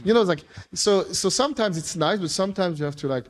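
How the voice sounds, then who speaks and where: An entrepreneur with a high voice speaks fast to an audience in an event room, telling rambling stories in a casual way. He is animated and swears playfully throughout.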